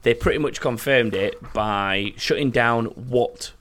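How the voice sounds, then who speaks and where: A man's voice: medium pitch, a little slow, fairly bright tone, slight background noise. A man hosting a quiz podcast, reading out questions and scores and often breaking into laughter. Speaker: quizmaster.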